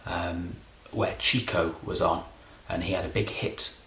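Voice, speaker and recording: A middle-aged man from England, a comedy magician, rambling through a deadpan, self-deprecating monologue. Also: low voice, measured pace, roomy sound, a little hiss or hum.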